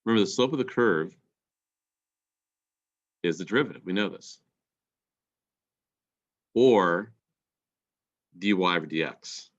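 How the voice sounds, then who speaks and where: Congested male math teacher, very low voice, walks through each step deliberately; muffled lo-fi classroom recording. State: congested, clearing throat. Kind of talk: recorded calculus lesson.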